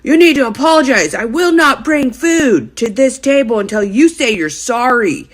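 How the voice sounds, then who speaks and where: A woman putting on the voice of a stern male waiter who loudly scolds a child. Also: a little high, expressive, moderate pace, voice pushed up. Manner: loud, scolding.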